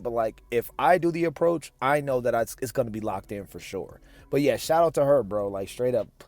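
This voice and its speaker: A man's voice: medium pitch, a little fast, no echo. A man hosting a reaction show, giving blunt, mocking, slangy commentary on dating clips.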